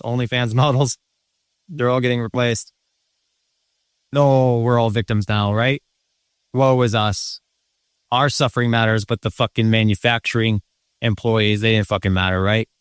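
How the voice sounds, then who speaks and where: A man's voice: mid-range voice, no room sound, studio quality. A man host delivering a profane, combative and sarcastic rant to his viewers. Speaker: channel host. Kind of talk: ranting monologue.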